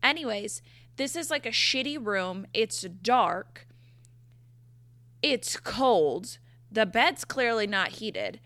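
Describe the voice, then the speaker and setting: A young woman rattles through an exasperated storytime rant, animated and full of casual swearing. Her voice is bright and forward, recorded close and dry with no room sound. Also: on the high side, takes it slowly, no echo. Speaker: vlogger telling a story.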